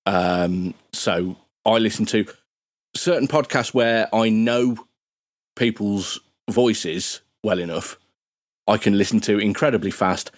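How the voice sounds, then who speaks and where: A man's voice: fairly low pitch, slow pace, no echo, studio quality. A man chatting as a guest on a podcast, rambling and restarting his sentences. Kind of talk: casual podcast chat.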